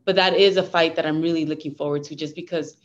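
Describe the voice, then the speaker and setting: A woman's voice: low voice, fairly even intonation, quick pace, dull audio. A young woman fighter talking earnestly and upbeatly as a guest in a casual interview. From United States. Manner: earnest, upbeat, code-switches Spanglish.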